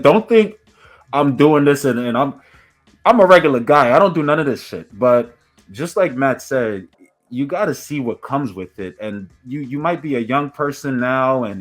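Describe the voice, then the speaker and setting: A man's voice: mid-range voice, expressive, moderate pace, soft background music. A man hosting a podcast, talking in an earnest, reflective way and often humming in agreement. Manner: earnest, reflective, frequent affirming hums. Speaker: podcast host. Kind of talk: casual podcast conversation.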